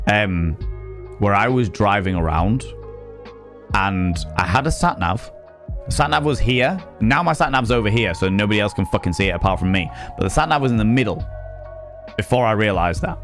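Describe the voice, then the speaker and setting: A man with a lowish voice talks casually on a live stream, swearing freely as he spins lively stories. His delivery is animated and conversational, with faint music playing underneath. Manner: sweary, animated storytelling, reads chat aloud.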